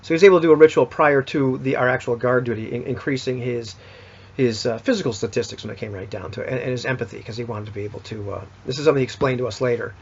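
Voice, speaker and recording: A man with a husky, slightly breathy voice talks casually through a recap of a tabletop game session. He rambles and backtracks, full of fillers and restarts. The sound is dull and lo-fi. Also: mid-range voice, racing. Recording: dull lo-fi recording.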